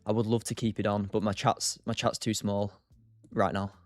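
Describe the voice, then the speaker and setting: A man's voice: on the low side, flat delivery, moderate pace, dry recording. Young male stream host, casual and chatty, dry close mic, faint music bed. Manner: chatty, reads and answers chat by name, laughs often. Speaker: livestream day trader host. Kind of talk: casual live-stream chat.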